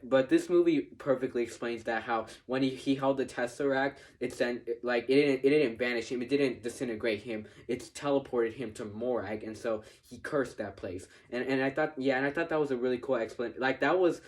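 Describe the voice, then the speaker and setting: A man talks through a film review in a loose, unscripted way. He stumbles and restarts his phrases often, fills pauses with ums and uhs, and swears casually. His pitch sits right in the middle for a man. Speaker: movie reviewer. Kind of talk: casual spoken movie review.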